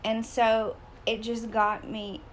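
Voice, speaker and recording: A woman in her thirties talking straight to her viewers in a personal vlog, hesitant and full of pauses, close to tears. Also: a little high, flat delivery, a little hiss or hum. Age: 30s. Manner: hesitant, many ums, fighting back tears. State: emotional, close to crying. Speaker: vlogger.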